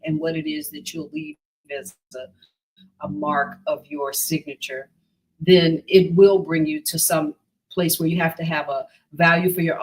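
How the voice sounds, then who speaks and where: A deep-voiced woman hosts a talk show through a video call, and the recording quality is low. In casual interview chat, she asks long, wandering questions, restarting often and adding asides.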